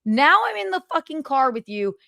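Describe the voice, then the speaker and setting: A woman tells a story on her own show, cursing freely and switching voices to act out each person. Her voice sits a little high and moves a lot. The sound is dry and close. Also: moderate pace, creaky, dry recording. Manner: animated, swears freely, acts out both sides of the exchange. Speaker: podcast host. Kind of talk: casual storytelling monologue.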